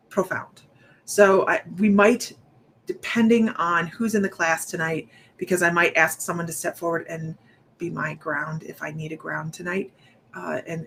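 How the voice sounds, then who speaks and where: A woman's voice: lowish voice, fairly bright tone, a little hiss or hum. A woman hosting a psychic livestream, a little out of breath and talking in a loose, rambling way. She keeps up a chatty flow aimed straight at her viewers. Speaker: psychic medium host. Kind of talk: casual livestream chat.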